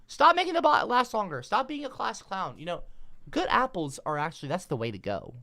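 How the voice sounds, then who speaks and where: A man's voice: sits high, sing-song, fairly quick, sharp tone. A man livestreaming, talking casually to his chat, rambling and irritable, swearing often.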